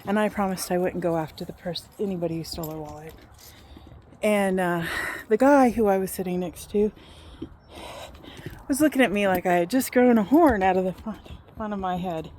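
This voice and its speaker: A woman in her fifties casually telling a personal story, animated and acting out what people said. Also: medium pitch, normal speed, long pauses, slight background noise. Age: 50s.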